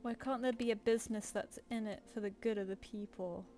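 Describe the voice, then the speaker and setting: A woman's voice: mid-range voice, steady tone, a little fast, dark tone. A woman with a British accent chatting casually with viewers while she works on a live stream, rambling with lots of fillers. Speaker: streaming artist.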